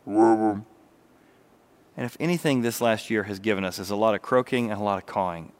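Male pastor, mid-pitched, energetic sermon delivery with hushed intimate moments. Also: normal speed. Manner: animated preaching, drops to soft intimate voice.

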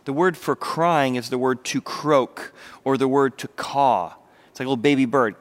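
A man preaching a sermon, animated, sometimes dropping to a soft, intimate voice. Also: medium pitch, normal speed. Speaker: pastor.

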